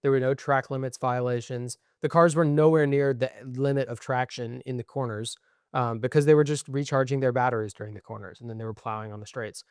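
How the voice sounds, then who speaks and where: A man's voice: mid-range voice, fairly even intonation, fairly quick, a little mellow, clear, resonant tone, no echo, clean studio sound. Profane, ranting young man. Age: young adult. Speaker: podcast co-host. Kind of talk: casual chat.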